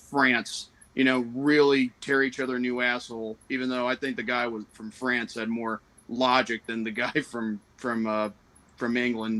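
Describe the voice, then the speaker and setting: Stream guest: man with a faint Southern accent, bright and forward tone, halting delivery. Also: medium pitch, low-quality recording. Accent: light Southern American. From American South. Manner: hesitant, many fillers and restarts. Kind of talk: casual livestream chat.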